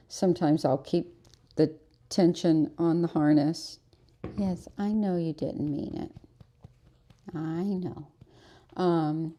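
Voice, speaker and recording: A woman with a fairly low, mellow voice, taking her time as she explains her grooming technique. She keeps breaking off to murmur praise and coax the dog on her table in the grooming salon. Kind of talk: instructional grooming demo.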